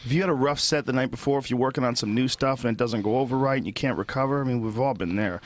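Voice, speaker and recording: A man's voice: mid-range voice, quick pace. Middle aged host guy chatting easy, drops f-bombs, just hanging out. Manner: relaxed, swears casually. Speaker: podcast host. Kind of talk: casual chat.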